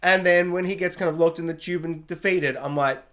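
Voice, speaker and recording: Brief: male TV reviewer, higher voice, chatty and excitable, casual rambling delivery. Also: brisk. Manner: chatty and excitable, heavy use of "like". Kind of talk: casual spoken TV episode review.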